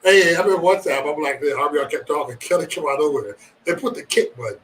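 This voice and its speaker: Guy streaming and cussing out his chat, bright edgy voice, kinda far from the mic with faint noise behind. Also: fairly high pitch, fast talker. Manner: profane, rambling banter, jokingly threatening. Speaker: livestream host. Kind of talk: casual livestream chat with viewers.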